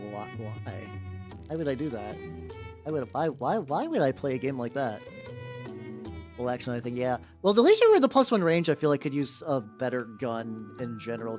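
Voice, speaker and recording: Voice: medium pitch, a little mellow. A streamer chatting casually with live viewers while painting miniatures, rambling and leaning hard on "like", with lots of restarts. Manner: rambling, heavy use of 'like', frequent restarts. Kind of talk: casual livestream chat with viewers. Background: faint background music.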